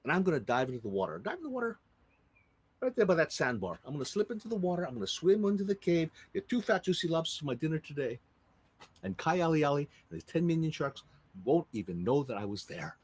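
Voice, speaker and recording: A man's voice: fairly high pitch, very animated, quick pace, breathy edge. A man voicing a bold, boastful young island boy.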